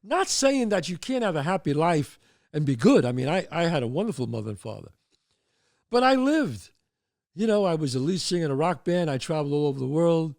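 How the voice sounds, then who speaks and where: A man, hosting and telling lively stories, acting out the voices of the people in them. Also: a little high, brisk, creaky, dry recording, studio quality. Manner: animated storyteller, acts out quotes. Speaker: host. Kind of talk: storytelling chat.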